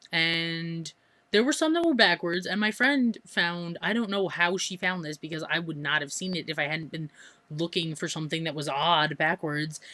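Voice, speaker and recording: A woman's voice: lowish voice, a bit bright, no room sound. A teenage girl with an American accent, rambling chattily through a casual vlog with plenty of fillers and restarts. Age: teens. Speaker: vlogger.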